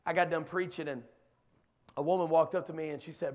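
Middle-aged male preacher, high voice, swings from hushed stories to shouting in a big church. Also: fairly even intonation, brisk. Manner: builds from quiet storytelling to shouted exhortation. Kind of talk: sermon to young people. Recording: long hall reverb.

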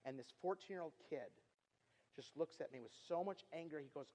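A middle-aged man giving an earnest storytelling sermon as a youth speaker, repeating himself and dropping from loud to hushed. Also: a little high, a little fast. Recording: long reverb of a large hall.

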